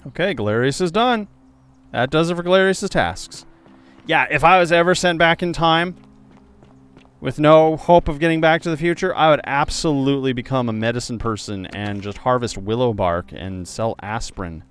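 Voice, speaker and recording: A young man playing a video game and commenting, excitable, jumping from loud yelps to quiet muttering. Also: mid-range voice, normal speed, clean tone. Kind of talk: let's play commentary.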